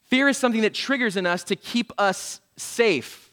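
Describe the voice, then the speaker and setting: Brief: man preaching, lively humorous storyteller, higher voice. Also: normal speed. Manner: animated storytelling with acted-out voices; humorous, self-deprecating asides. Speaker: pastor. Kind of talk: sermon.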